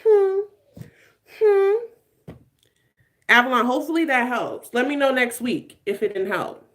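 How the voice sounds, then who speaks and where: A woman's voice: fairly high pitch, a little fast, sharp tone. Chatty, playful young woman streamer. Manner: chatty and playful, laughing often, with slangy asides. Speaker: live stream host. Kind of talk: casual live-stream chat answering viewer comments.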